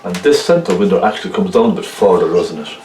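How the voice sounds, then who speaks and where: Man, Cork Irish accent, low-pitched, chatty painting teacher, roomy distant sound. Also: expressive, quick pace, background noise. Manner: chatty, checks in with viewers. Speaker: painting instructor. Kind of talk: casual painting tutorial.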